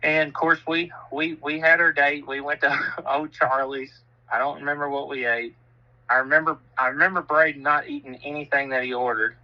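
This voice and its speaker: A man's voice: on the high side, fairly even intonation, fairly quick, highs cut off. A man, telling a self-mocking story in casual chat and swearing freely. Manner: laid-back, laughs at himself, swears freely.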